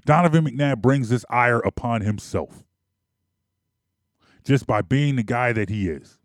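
Philly-sports talker, opinionated and insistent, mid-pitched, dry sound. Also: male voice, measured pace, dry recording. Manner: emphatic, repetitive, argumentative. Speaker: sports commentator.

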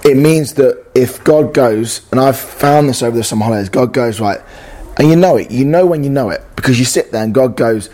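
A man's voice: mid-range voice, a little fast, hardly any pauses, warm tone. A man preaching an informal sermon, earnest and conversational, reading scripture and acting out inner dialogue.

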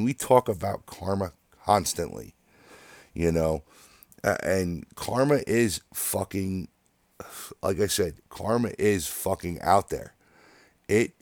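A man's voice: low-pitched, no room sound. A man ranting in a casual, angry way, swearing constantly and often restarting his sentences. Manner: angry, profane venting with frequent restarts. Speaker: host. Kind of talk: casual rant.

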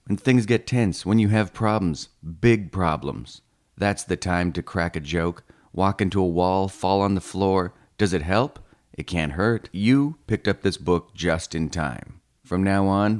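A man reading a humorous book aloud with deadpan, playful delivery. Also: sits low. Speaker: audiobook reader. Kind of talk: comic scripted narration.

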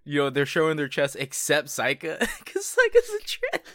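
A man in casual chat, animated, laughing often and swearing freely. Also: on the high side, normal speed, no room sound, studio quality.

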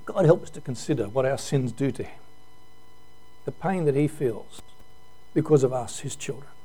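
A man's voice: medium pitch, moderate pace, mellow. A male pastor giving an earnest, emotional sermon full of rhetorical questions.

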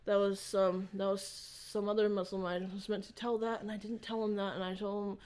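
A woman telling her own faith story to an interviewer, speaking at an ordinary middle pitch. She rambles and halts, often restarting her sentences as she goes. The feel is a relaxed, conversational testimony. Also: smooth. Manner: rambling, halting, with frequent restarts.

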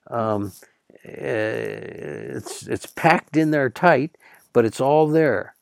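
A man teaching Latin, reading scripture passages aloud and translating them slowly and deliberately. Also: mid-range voice, lively intonation, vocal fry, dry recording, clean studio sound.

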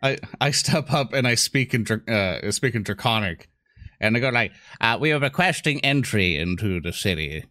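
A man's voice: lowish voice, expressive, moderate pace, bright, forceful tone, no room sound, studio quality. A man playing a tabletop role-playing game, speaking politely and apologetically in character. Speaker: player.

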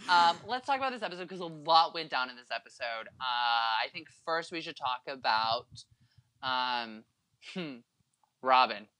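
A young man hosting a podcast in casual chat, animated and gossipy, acting out what others say. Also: mid-range voice, normal speed, no echo. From California. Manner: animated, gossipy, acts out quotes. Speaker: podcast host.

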